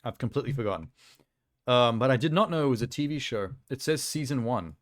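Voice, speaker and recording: A man's voice: mid-range voice, expressive, quick pace, dry recording, clean studio sound. A man streaming casual reaction chat, rambling and offhand with lots of fillers, talking around a sour lolly in his mouth.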